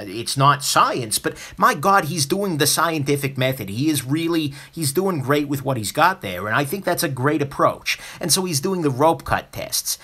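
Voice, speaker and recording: A man's voice: medium pitch, bright, forceful tone. A man hosting a live knife review stream, chatty and joking, with many fillers and asides. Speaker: host.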